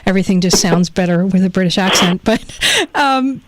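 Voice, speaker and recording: A woman's voice: mid-range voice, a little fast, background noise. An American woman hosting a live radio talk show, effusive and enthusiastic as she interviews a guest.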